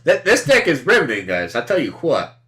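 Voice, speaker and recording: A woman's voice: low-pitched, wildly swooping pitch, brisk, a bit bright. A woman streamer giving casual commentary on a card game, playful and sarcastic, acting out both sides of the table and swearing freely.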